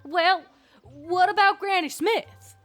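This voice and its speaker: In a fanfic audiobook reading, a woman voices a young female farm pony who pretends to be an outlaw, giving her a Southern drawl and a grumbling, boastful manner. The heavily acted voice is very high-pitched and fairly bright, delivered slowly, with faint music behind.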